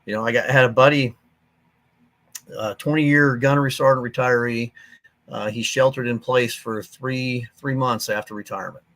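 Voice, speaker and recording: A man's voice: medium pitch, steady tone, normal speed, a bit bright. A man speaking as a podcast guest who leads a veterans' group, telling stories bluntly and candidly in plain soldier talk. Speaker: guest, veteran organization leader. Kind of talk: casual podcast conversation.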